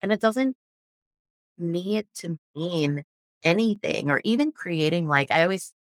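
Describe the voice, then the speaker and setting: A woman chatting casually as a podcast host, animated and swearing freely, with lots of "like" fillers. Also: lowish voice, unhurried, no echo, clean studio sound. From Los Angeles area. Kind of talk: casual chat.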